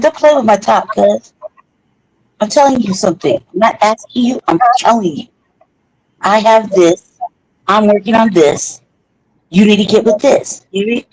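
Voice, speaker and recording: A man's voice: sits high, a little mellow, no room sound, poor audio. A man co-hosting a podcast, talking in a heated, profane, rambling way with frequent restarts. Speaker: podcast co-host. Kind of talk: heated casual talk.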